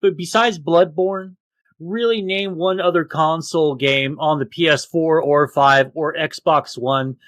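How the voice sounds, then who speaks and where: A man ranting on a casual podcast, swearing freely and breaking into loud outbursts. His voice sits slightly high for a man and sounds close and dry, with little room sound. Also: fairly even intonation, a little slow, no echo. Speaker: podcast co-host.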